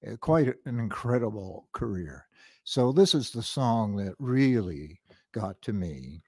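An older singer-songwriter reminiscing about his early days, reflective and halting, often restarting his sentences. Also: fairly low pitch, animated, darkish tone, breathy edge, no room sound, clean studio sound. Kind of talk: reminiscing storytelling.

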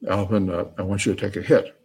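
A commanding divine voice that gives orders flatly and insists on being obeyed, put on by a man telling a joke. It is low-pitched with a husky, breathy edge. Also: quick pace. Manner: bossy, insistent, deadpan. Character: commanding booming male divine voice.

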